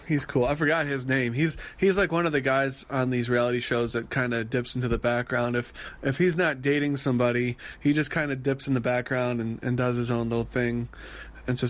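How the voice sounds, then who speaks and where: A man's voice: mid-range voice, fairly quick. Man animatedly recapping a reality show. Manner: animated retelling, mimics quoted people; rambling with frequent restarts. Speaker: podcast co-host.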